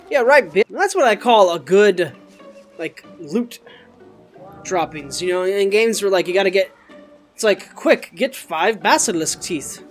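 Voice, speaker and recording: Excitable, swearing gameplay commentator. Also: medium pitch. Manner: excitable, jokey and profane, talking to game creatures. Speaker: gaming channel host.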